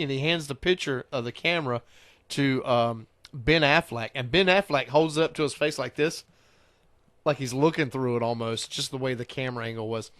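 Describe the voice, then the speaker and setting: A man's voice: mid-range voice, normal speed, no room sound. Rambling man telling stories. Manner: rambling, animated storyteller. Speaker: podcast host. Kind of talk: casual chat.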